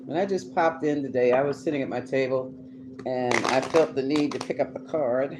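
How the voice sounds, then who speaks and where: A man's voice: medium pitch, moderate pace, noisy background. A man doing a live tarot reading, chatty and emphatic, talking straight to his viewers. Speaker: tarot reader.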